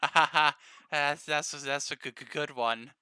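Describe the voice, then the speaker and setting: A kangaroo faunus stammers and trips over his own words, forcing out a stiff laugh, as a man puts him on. His delivery is awkward and halting, recorded close and dry. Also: on the high side, steady tone, sharp tone, smooth, dry recording. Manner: stuttering, forced laughter.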